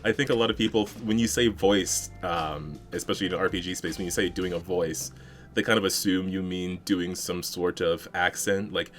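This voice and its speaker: A man co-hosting a tabletop gaming podcast, explaining ideas in a relaxed, thoughtful way. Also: sits low, a little fast, faint music behind. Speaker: podcast co-host and game master. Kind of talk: casual podcast chat.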